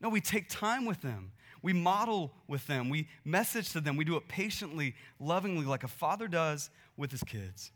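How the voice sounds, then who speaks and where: Bright-voiced man preaching a lively sermon. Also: a little high, moderate pace, few pauses. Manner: conversational, swings from quiet earnest to loud animated. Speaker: pastor.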